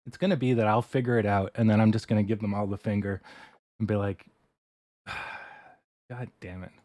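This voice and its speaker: Low-voiced man ranting on a livestream. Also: fairly even intonation, fast talker, warm tone, dry recording, studio quality. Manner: exasperated ranting with sighs and swearing. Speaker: stock livestream host. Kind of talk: casual live-stream chat.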